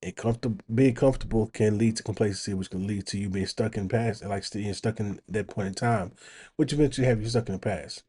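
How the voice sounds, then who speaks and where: A man hosting his channel, giving casual reaction commentary on video clips and getting animated when he makes a point. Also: lowish voice, quick pace, slightly rough.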